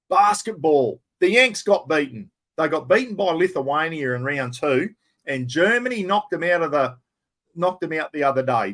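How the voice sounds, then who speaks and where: Blunt chatty Australian man. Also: on the high side. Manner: blunt, rambling, calls viewers mate. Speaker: livestream host. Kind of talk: casual livestream chat.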